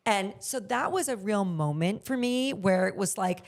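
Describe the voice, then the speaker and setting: A middle-aged woman, a podcast guest who owns a luxury consignment store, telling candid, animated stories and acting out the voices she quotes. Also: mid-range voice, normal speed, creaky, few pauses. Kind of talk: conversational interview storytelling.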